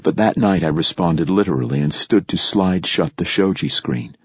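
A man reads a novel aloud in a measured, reflective narration. His voice is very deep and husky, recorded dry and close with a slightly dull, muffled sound. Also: dry recording. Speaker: audiobook narrator. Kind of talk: scripted narration.

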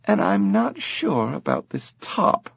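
A man's voice: high-pitched, wildly swooping pitch, takes it slowly, creaky, a bit bright, husky, no echo, clean studio sound, voice pushed up, full character voice. A man reading an audiobook, voicing an older, well-off woman who brushes off bad news with breezy, chiding remarks.

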